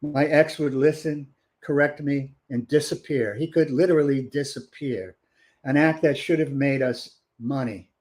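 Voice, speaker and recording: A man author on a panel, hesitant at first, then reading a short story aloud in a measured way over a video call. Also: medium pitch, a little mellow.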